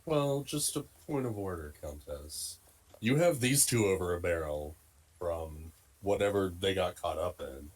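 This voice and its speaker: A man playing a tabletop game, casual and playful. His voice is low and a bit husky. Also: lively intonation, measured pace. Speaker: player.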